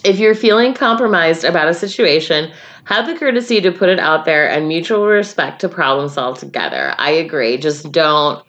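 A woman's voice: deep voice, expressive, moderate pace, a bit bright, highs cut off. A woman co-hosting a podcast in casual chat, teasing and laughing often, talking into a microphone. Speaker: podcast co-host. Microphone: studio microphone.

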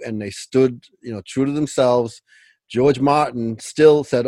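A man who is a music historian and a radio guest, telling stories in an animated way and acting out the quotes. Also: medium pitch, moderate pace, no room sound. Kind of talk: casual radio chat.

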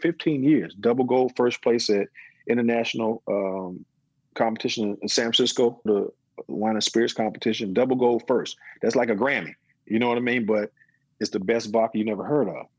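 A middle-aged man with a husky, somewhat low voice tells his story in a relaxed interview. He drops into animated quotes of other people as he goes. The recording is close and dry, with no room sound. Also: no echo, rough recording. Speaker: interview guest, business owner. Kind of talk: casual interview talk.

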